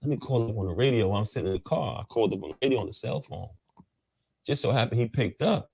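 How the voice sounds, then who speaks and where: Speaking quickly in a gravelly, darkish, slightly rough voice, this male interview guest spins an animated tale about himself. He leans on street slang and acts out what others said, jumping in pitch for each quote, with no room sound on the track.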